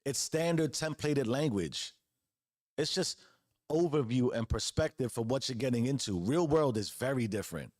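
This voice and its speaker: A man's voice: medium pitch, animated, moderate pace, darkish tone, no room sound. Guy in his 40s preaching motivation into a close mic, slangy and earnest, dry sound. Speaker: host. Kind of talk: motivational monologue. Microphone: close podcast mic.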